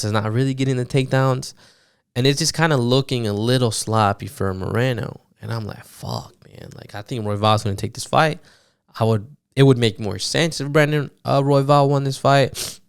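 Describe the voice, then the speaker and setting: A man recapping fights on his podcast in a loose, animated monologue, swearing often and full of fillers. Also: mid-range voice, clear, resonant tone, no room sound, clean studio sound. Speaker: podcast host.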